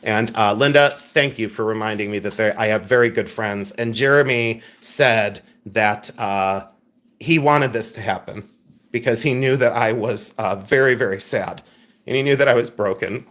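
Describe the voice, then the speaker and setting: A man's voice: lowish voice, moderate pace, fairly bright tone. A man hosting a casual livestream jewelry sale, chatty and joking, turning candid and earnest at times. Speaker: live jewelry sale host. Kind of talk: casual livestream selling chat. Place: coffeehouse.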